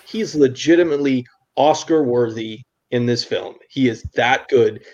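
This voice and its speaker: A man's voice: mid-range voice, a little slow, a little mellow. An enthusiastic man in a casual podcast film chat, speaking in a mid-range voice. His talk is emphatic and full of repeated praise. The recording sounds dull and slightly lo-fi. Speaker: podcast co-host or guest.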